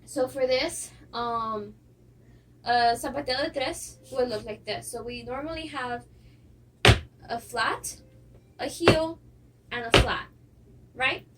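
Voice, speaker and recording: High-voiced woman teaching footwork, distant mic. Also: takes it slowly, long pauses. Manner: counts steps aloud, with little laughs and fillers. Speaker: dance teacher. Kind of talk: instructional lesson. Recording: distant mic with clear noise.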